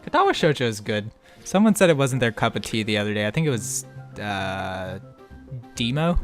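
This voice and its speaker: A man's voice: lowish voice, big pitch swings, normal speed, soft background music. A man co-hosting a gameplay video, chatting casually, laughing often and swearing freely. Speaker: let's play co-host.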